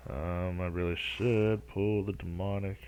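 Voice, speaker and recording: Slight background noise sits under this man's low, darkish voice, which holds a steady tone at a measured pace. Hosting a Minecraft let's-play, he rambles hesitantly, talks to himself, stalls often, and hums and scats nonsense syllables.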